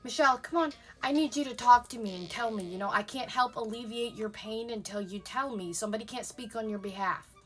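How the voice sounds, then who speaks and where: A woman's voice: on the high side, a little fast, hardly any pauses, soft background music, lightly acted. A woman playing a patient, polite doctor. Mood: coaxing. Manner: calm, professional, coaxing.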